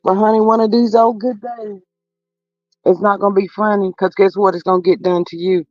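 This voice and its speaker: A man's voice: high-pitched, level tone, brisk, no echo. A man hosting a casual live-stream commentary, gossiping in a drawling, sassy way and reading chat to viewers. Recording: slightly dull lo-fi audio with faint music.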